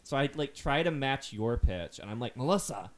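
A man's voice: mid-range voice, expressive, moderate pace. A young man animatedly retelling a chaotic night to friends, laughing as he goes. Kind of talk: casual chat.

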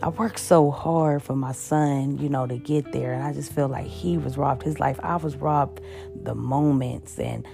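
Woman, very low pitch, gravelly, halting and heavy-hearted, confessional podcast talk, music underneath. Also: steady tone. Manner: halting, repeats words, many fillers; heavy-hearted, openly emotional. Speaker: podcast host. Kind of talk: personal confessional monologue.

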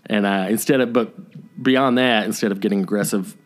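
A man's voice: fairly low pitch, a little fast. A middle-aged man, co-host of a podcast, telling a story in casual chat and acting out what people said. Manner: animated storyteller acting out quotes.

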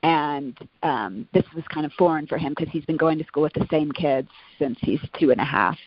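Woman in her thirties, heartfelt, chatty, lowish voice, dry muffled audio. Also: moderate pace, slightly rough, no room sound. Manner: heartfelt, chatty, many "you know" and "like". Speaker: podcast guest. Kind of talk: casual interview chat.

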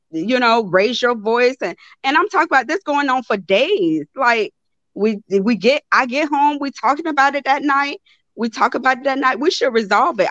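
A young woman, telling a story to a live audience in a blunt, animated way and swearing freely. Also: on the high side, no room sound, dull audio. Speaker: host of a live talk stream.

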